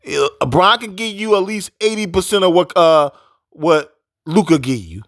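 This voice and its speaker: Male sports commentator, fairly high voice, repetitive and emphatic rant, dry close sound. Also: animated, normal speed, fairly bright tone, no echo. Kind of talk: casual sports opinion rant.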